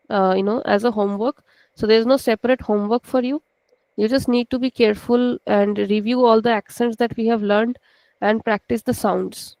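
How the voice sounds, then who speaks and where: A woman's voice: a little high, gravelly, darkish tone, dry recording, poor audio. A woman with an Indian accent, a native Hindi speaker, teaching a language class over a video call and patiently checking in with her students. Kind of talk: online class lecture.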